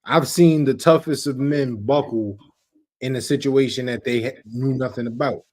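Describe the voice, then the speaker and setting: A man co-hosting a podcast in casual chat, measured and stumbling over restarts. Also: mid-range voice, darkish tone.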